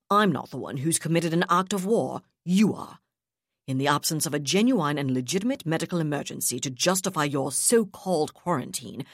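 A woman voicing an unflinching male naval captain who speaks calmly, firmly and in measured terms. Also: sits low, dry recording, studio quality, full character voice. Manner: calm, firm, measured.

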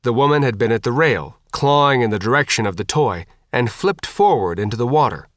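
A man reading an audiobook in a steady, measured voice at an ordinary male pitch. The recording is dry and close, with no room sound. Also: no room sound. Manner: even, measured storytelling. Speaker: audiobook narrator. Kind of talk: audiobook narration.

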